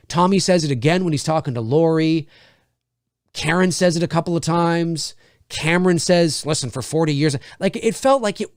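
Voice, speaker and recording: A man reviews a film casually, as if thinking out loud, frequently restarting sentences partway through. His voice is slightly high for a man and swings animatedly across a wide pitch range. The recording is close and dry, with no room sound at all.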